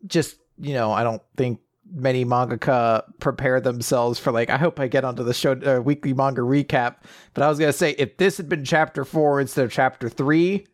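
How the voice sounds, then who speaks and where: A man's voice: mid-range voice, steady tone, a little fast, hardly any pauses. A man co-hosting a casual chat, musing aloud with lots of fillers and easy laughter. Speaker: podcast co-host.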